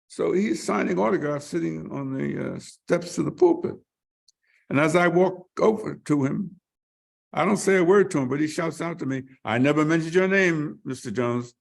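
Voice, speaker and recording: A man's voice: high-pitched, gravelly, husky. An older man, a guest in an interview, telling vivid stories and acting out what others said, sometimes repeating words as he searches for them. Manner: animated, vivid storyteller who acts out quotes. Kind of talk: storytelling in an interview.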